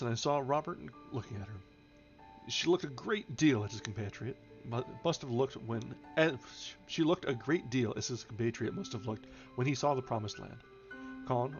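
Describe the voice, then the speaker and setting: A man reading a novel aloud on a live stream, with small slips and restarts and light changes of voice for the characters. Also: mid-range voice. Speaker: audiobook reader, streamer. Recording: slightly dull home stream audio with soft background music. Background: faint background music.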